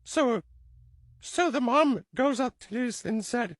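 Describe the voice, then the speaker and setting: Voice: medium pitch, expressive, slow, no echo. A storyteller rambling through an improvised tale, restarting sentences and quoting characters with "he's like".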